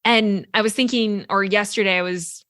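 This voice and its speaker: A woman's voice: medium pitch, fairly even intonation, normal speed, a bit bright, clean tone, no echo, clean studio sound. A woman co-hosting a podcast, talking earnestly in casual reflective chat, full of "like" and "right?" as she explains. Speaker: podcast co-host.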